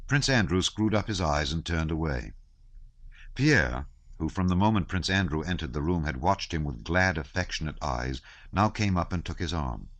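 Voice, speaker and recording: A man reading a classic novel aloud as an audiobook narrator, measured and expressive. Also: a bass voice, no room sound.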